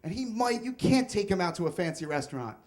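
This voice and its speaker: A man's voice: high-pitched, lively intonation, quick pace. A young man telling a comic, self-mocking personal story on stage at a live storytelling event.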